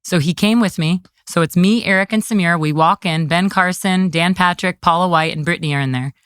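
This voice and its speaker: A woman with a slightly low voice tells a story in an interview. She is emphatic and casual, with a lot of "like" and "I go". Her voice is dry and close, with no room sound. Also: fairly quick, a bit bright, clear, resonant tone, dry recording. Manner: acts out others' lines in her retelling, emphatic; frequent "like" and "I go" in speech. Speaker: interview guest.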